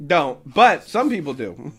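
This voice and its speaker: A man co-hosting a music review livestream, teasing and quick to laugh in joking banter. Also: on the high side, very animated, a bit bright, slightly rough.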